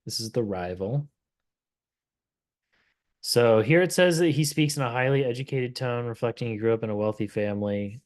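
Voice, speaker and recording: A man hosting a casual software demo livestream, relaxed and thinking aloud as he clicks through the tool. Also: mid-range voice, moderate pace, pauses often. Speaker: host of a product livestream.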